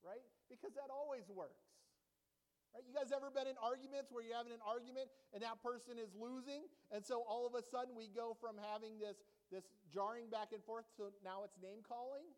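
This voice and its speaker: Pastor, male, sermon delivery, high voice, lively and playful, church hall reverb. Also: fairly quick. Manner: animated preaching, acts out mocking voices, jokes with congregation. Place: church sanctuary.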